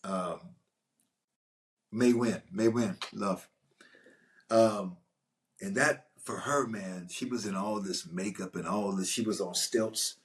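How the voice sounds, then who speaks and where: A man, an actor, telling stories from a film shoot in a casual, animated way, often restarting his sentences. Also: lowish voice, takes it slowly, pauses often. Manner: animated, rambling, frequent restarts. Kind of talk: casual anecdotal storytelling.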